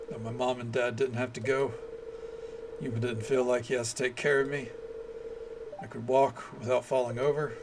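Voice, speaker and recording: A man voicing an injured young man who is frustrated and despairing, reading game dialogue aloud in a quiet, halting way over lo-fi music in the background. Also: medium pitch, gravelly, recorded from a distance, background noise, close to an everyday voice.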